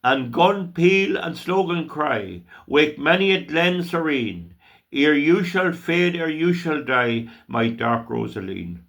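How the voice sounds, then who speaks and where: An older man from Ireland with a gravelly voice, reading verse aloud with deep feeling. He speaks slowly and deliberately, drawing each phrase out. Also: animated, fairly bright tone. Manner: slow, emotional, declaiming with long drawn-out phrases. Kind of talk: dramatic poetry recitation.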